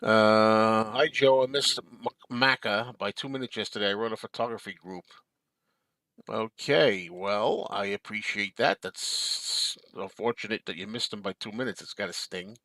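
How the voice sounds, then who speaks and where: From his desk at home, a man with a lowish, sharp-toned voice hosts a live stream at a moderate pace, with no echo in the audio. He chats casually, reads viewer comments aloud and answers them in an easygoing way, chuckling often and talking back to chat.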